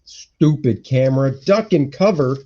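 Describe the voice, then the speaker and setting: A man chatting slowly and loosely on a home live stream, thinking out loud and grumbling under his breath between points. His voice sits at an ordinary middle pitch, and the audio is dull and lo-fi. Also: lively intonation. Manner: rambling, grumbles and mutters to himself. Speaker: cartoonist hosting a live stream. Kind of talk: casual live-stream chat, thinking aloud. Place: indoor home room.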